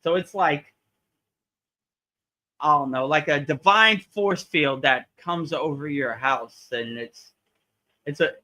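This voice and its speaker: Guy hosting a spiritual q&a, bright kinda high voice, chatty and animated, laughs a lot. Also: slow pace, pauses often. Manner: animated, chatty, acts out quotes, laughs often. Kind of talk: live Q&A chat, storytelling.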